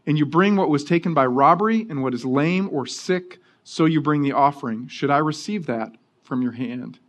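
A middle-aged man preaching a sermon, telling personal stories in a lively way. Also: fairly high pitch, normal speed. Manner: storytelling, animated, acting out quoted voices. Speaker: pastor.

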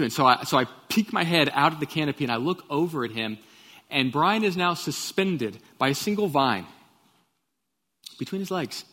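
A man preaching a sermon, opening with a prayer and then telling a childhood story with acted quotes in a relaxed, conversational way. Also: a little high, moderate pace. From Texas. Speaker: pastor. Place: church sanctuary. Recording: long church hall reverb.

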